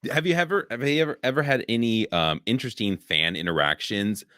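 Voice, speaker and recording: A man's voice: mid-range voice, fast, sharp tone, clear, resonant tone, no room sound, clean studio sound. A young man hosting a casual podcast, asking rambling questions full of likes and ums. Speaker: podcast host.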